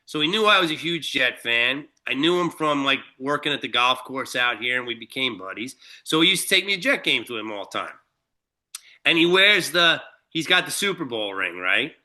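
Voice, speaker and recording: Animated and sharp-toned, this man's mid-range voice moves at a normal pace as he tells a long, profane anecdote. He's a guest storyteller from Shelter Island, New York, chatting casually with plenty of fillers and restarts.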